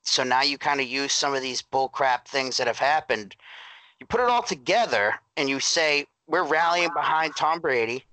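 Dude with a sharp bright voice on a sports podcast, asks and answers his own questions, dry sound. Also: medium pitch, animated, normal speed, no echo, poor audio. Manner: building an argument with rhetorical questions. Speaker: podcast co-host. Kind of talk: casual sports podcast chat.

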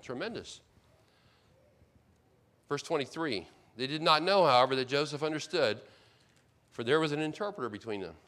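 A man preaching a sermon as pastor, paraphrasing the characters of a Bible story and swinging from loud emphasis to quiet, hushed asides. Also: mid-range voice.

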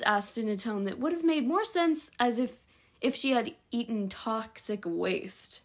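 A woman's voice: fairly high pitch, lively intonation, normal speed. A woman reading a novel aloud at home, with small slips and self-corrections along the way. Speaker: audiobook reader.

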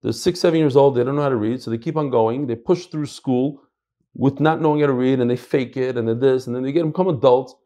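An American man teaching a Talmud class, emphatic and animated, mixing in Hebrew and Yiddish terms. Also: mid-range voice, fast talker. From United States. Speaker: Torah teacher.

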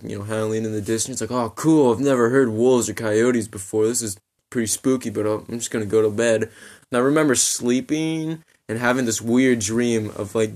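A young man co-hosting a casual podcast, telling a story in a laid-back way, full of "like" and swearing. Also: mid-range voice. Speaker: podcast co-host.

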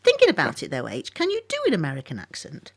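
A woman from the UK co-hosts a podcast and keeps the chat going with curious questions. Her pitch leaps and falls in very wide swings. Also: wildly swooping pitch, fast talker, creaky, husky. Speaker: podcast co-host. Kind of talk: casual chat.

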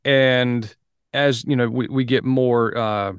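A man's voice: mid-range voice, fairly even intonation, takes it slowly, smooth, no echo, clean studio sound. A man hosting a casual podcast interview, chatty and easygoing, laughing often as he explains things. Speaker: podcast host.

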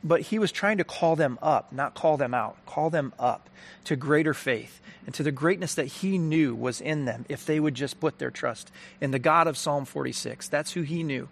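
A man's voice: fairly high pitch, moderate pace, gravelly, slight background noise. A man giving an earnest, conversational faith talk, telling a story and applying it.

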